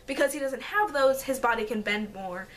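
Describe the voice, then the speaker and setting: A teenage girl chats to her camera from her bedroom, bubbly and quick to laugh as she acts out conversations. Her voice sits high and bright. A faint hum of the room runs underneath. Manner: energetic, animated, acts out quotes, giggly. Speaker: vlogger. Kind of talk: casual storytelling vlog. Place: bedroom at home.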